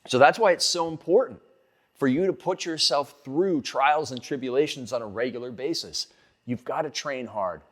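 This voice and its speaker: A man's voice: medium pitch, normal speed. Emphatic man giving a motivational talk. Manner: emphatic, punchy repetition. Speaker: success coach.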